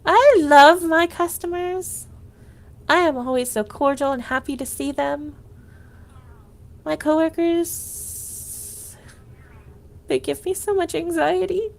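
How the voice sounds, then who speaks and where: A woman's voice: very high-pitched, slow, gravelly, pauses often. A woman livestreaming, venting in a rambling casual monologue, full of "like" and restarts.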